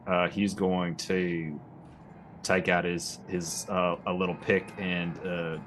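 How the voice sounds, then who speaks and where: Low-voiced dude chilling at the game table, faint hiss. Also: male voice, level tone, slow. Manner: laid-back, jokey. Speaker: player. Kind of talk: casual tabletop game chat.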